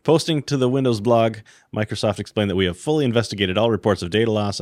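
A man from Minnesota co-hosting a casual tech podcast, his voice hoarse from screaming at a football game, laid-back and teasing. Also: on the low side, fast, a little mellow, dry recording, studio quality. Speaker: podcast co-host.

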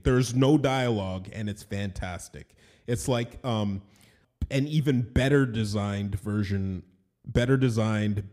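Male solo podcaster with a slightly low, mellow voice; loose, rambling, self-amused delivery. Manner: rambling, chatty, laughs at himself. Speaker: podcast host and animation studio owner. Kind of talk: casual solo podcast monologue.

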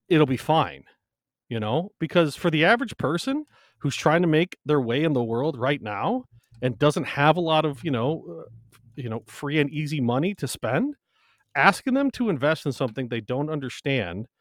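A man's voice: a little high, no echo, clean studio sound. A man co-hosting a podcast in casual chat, emphatic and swearing freely. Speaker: podcast co-host.

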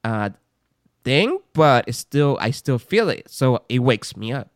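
Animated man telling a story. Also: medium pitch, measured pace, no echo, studio quality. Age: adult parent. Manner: animated rambling storyteller, swears casually. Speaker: podcast co-host. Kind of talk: casual chat.

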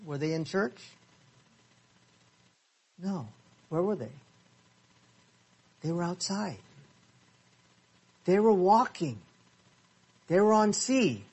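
A man teaching a Bible study class, reading verses slowly and asking the class questions. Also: high-pitched, lively intonation, darkish tone, slightly rough. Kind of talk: interactive Bible study lesson. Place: church classroom.

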